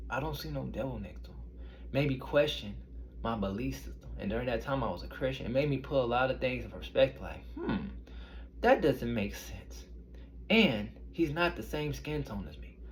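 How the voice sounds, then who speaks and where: A man's voice: mid-range voice, brisk, a little hiss or hum. A man in his thirties who works as a spiritual medium, talking casually to his viewers in a rambling way and often asking them questions. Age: 30s. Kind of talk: casual talk to camera.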